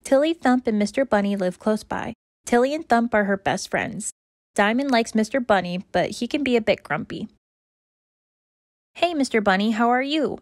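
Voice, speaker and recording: A woman reading aloud children's stories in a bright, expressive, rhythmic way. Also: fairly high pitch, normal speed, no room sound, clean studio sound. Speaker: children's story reader. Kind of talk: read-aloud storytelling.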